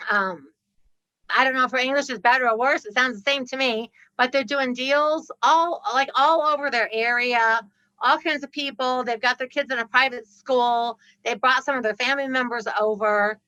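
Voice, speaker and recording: A woman guest on a podcast, telling a story with lively laughter and acting out the people in it. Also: high-pitched, moderate pace, no echo, poor audio. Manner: laughs often, acts out the people in her story. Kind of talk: animated storytelling.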